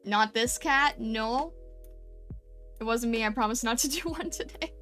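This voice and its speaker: A woman's voice: on the high side, unhurried, fairly bright tone, soft background music. A woman streamer chatting casually and gushing over fan art, full of fillers and little laughs. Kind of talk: casual live-stream chat.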